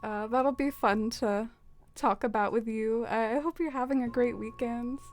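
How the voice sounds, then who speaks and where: A woman's voice: fairly high pitch, steady tone, normal speed. A woman hosting a casual game livestream, chatting with viewers, with lots of fillers and frequent laughs. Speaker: livestream host. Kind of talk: casual livestream chat while playing a game.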